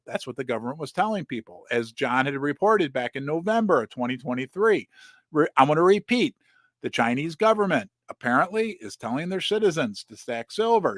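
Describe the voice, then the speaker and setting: A man's voice: fairly high pitch, big pitch swings, brisk, a bit bright, no room sound, studio quality. A man hosting a casual commentary show, reading articles aloud and breaking in with sarcastic asides. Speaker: precious metals commentator.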